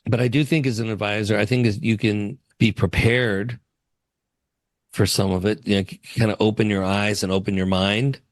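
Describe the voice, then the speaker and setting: A man's voice: fairly low pitch, fairly even intonation, moderate pace, no room sound. A man who works as a wealth advisor, chatting in an interview and telling stories with easy laughs. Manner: chatty storyteller, laughs easily. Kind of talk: casual interview chat.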